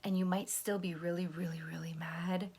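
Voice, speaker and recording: A young woman teaching young children how to apologize, speaking gently and patiently and explaining each step, now and then acting out sample apologies. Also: fairly low pitch, little pitch movement, moderate pace, gravelly, husky. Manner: acts out sample apologies to a pretend friend. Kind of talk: lesson for children.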